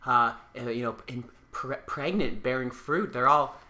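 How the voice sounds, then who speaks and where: A man's voice: medium pitch, normal speed, pushed and bright. A man co-hosting a comedic podcast, talking earnestly and indignantly with frequent stammering restarts.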